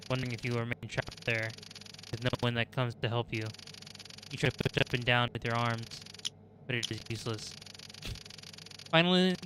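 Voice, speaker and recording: A man on a stream reading the text of a horror game aloud, brisk, with small restarts. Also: mid-range voice, noisy background. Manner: brisk, reads with restarts and jokes.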